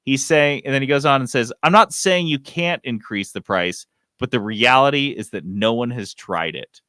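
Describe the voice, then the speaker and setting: A man co-hosting a casual podcast chat, ranting and swearing in an animated way. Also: mid-range voice, normal speed, no room sound, studio quality. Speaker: podcast co-host.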